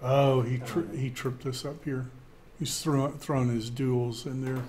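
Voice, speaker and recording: A man teaching a Greek class, thinking aloud, with many fillers and pauses. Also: mid-range voice, steady tone, darkish tone, slight background noise.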